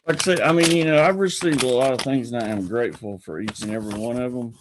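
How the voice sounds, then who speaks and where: A man's voice: mid-range voice, quick pace, noisy background. A man hosting a casual livestream, rambling and greeting viewers by name. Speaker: livestream host.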